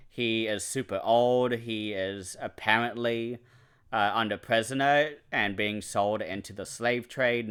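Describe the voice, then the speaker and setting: A man's voice: lowish voice, fairly bright tone, smooth. A man giving a casual, enthusiastic anime review, rambling with fillers and self-corrections.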